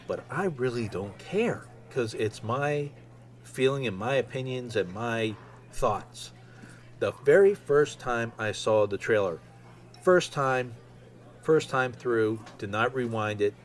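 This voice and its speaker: Excitable rambling man around fifty. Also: lowish voice. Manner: excitable, rambling fan talk with many ums. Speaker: podcast host. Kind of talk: casual solo podcast monologue.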